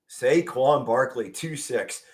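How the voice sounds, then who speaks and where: A man's voice: mid-range voice, very slow. A middle-aged man from Pennsylvania calling a football game as an amateur play-by-play commentator, passionate and emotional, standing and moving as he talks, sometimes stumbling over his words. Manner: passionate, emotional, stands and moves while talking, occasional stutters. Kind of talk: live fan sports commentary stream. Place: home, standing in front of a flag.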